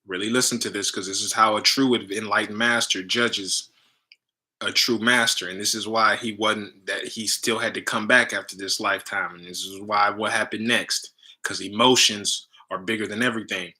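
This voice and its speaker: A man's voice: fairly low pitch, steady tone, normal speed, pushed and bright. A man and spiritual teacher telling a story in loose, slangy casual talk, full of "you know" and "right?".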